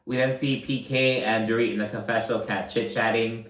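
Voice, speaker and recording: A man's voice: medium pitch, fairly even intonation, brisk, fairly bright tone, roomy sound. A man casually recapping a reality show, chatty and loose, with lots of fillers and frequent swearing. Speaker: recap commentator.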